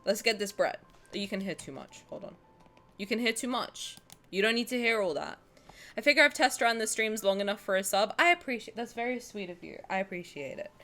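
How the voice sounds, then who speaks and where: A woman streaming a game, talking casually with her chat, swinging from loud squeals to quiet mutters. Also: medium pitch, animated, fairly quick, faint music behind.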